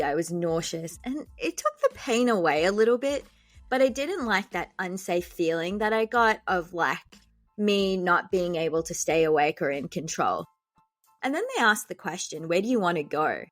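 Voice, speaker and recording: A woman's voice: on the low side, no echo. A young woman hosting a podcast, telling a dramatic story with jokes at her own expense. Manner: joking, self-deprecating, dramatic. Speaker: podcast host and doctor. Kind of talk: comic storytelling monologue. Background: faint background music.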